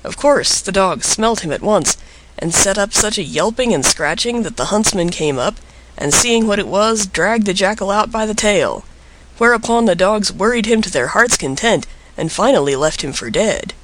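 A man narrates a storybook tale with an expressive, lilting delivery. His voice sits high and ranges widely, keeping every sentence animated. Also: normal speed, background noise.

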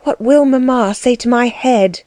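A woman voicing a frank, mischievous young girl in an audiobook, blurting out her words in halting, defiant bursts. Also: on the high side, darkish tone, no echo, pitched above the performer's own voice, close to an everyday voice.

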